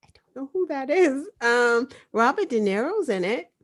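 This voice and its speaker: A woman with a Boston accent co-hosting an online news talk show, animated and laughing often. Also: high-pitched, normal speed. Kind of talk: casual chat.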